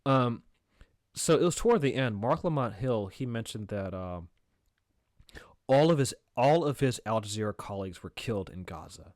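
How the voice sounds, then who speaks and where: A man's voice: medium pitch, expressive, normal speed, a little mellow, dry recording, clean studio sound. Heated, profane male podcast host. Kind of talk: angry solo commentary.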